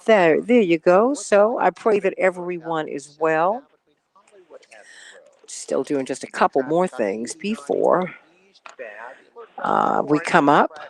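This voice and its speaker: A woman hosting a radio talk show, chatting casually and greeting listeners by name before the show. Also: sits low. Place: radio studio.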